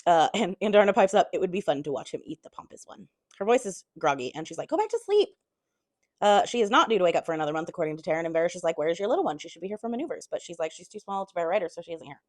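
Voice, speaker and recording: A woman's voice: lowish voice, rapid-fire, hardly any pauses, darkish tone, no room sound. A woman giving a casual chapter-by-chapter book recap, chatty, throwing in blunt swearing asides and half-acting the characters' lines.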